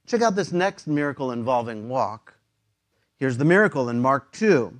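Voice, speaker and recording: A man's voice: medium pitch, sing-song, moderate pace. A man preaching a sermon in a casual, conversational way, using slang and often repeating words.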